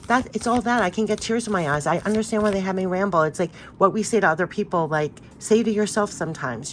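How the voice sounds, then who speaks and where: A woman's voice: mid-range voice, animated, fairly quick, slight background noise. A middle-aged woman doing a casual, rambling spiritual card reading, encouraging and full of "like". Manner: chatty, rambling, encouraging, says "like" often.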